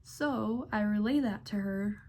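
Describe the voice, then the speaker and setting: Slow, sassy young woman telling stories. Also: medium pitch, darkish tone, slight background noise. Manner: sassy, exasperated. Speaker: pharmacy technician. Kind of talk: storytime vlog narration.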